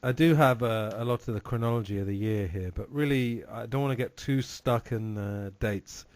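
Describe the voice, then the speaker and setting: A man's voice: on the low side, moderate pace, no echo. An English man hosting a podcast interview, asking questions in a friendly, attentive way. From England. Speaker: podcast host. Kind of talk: casual interview chat.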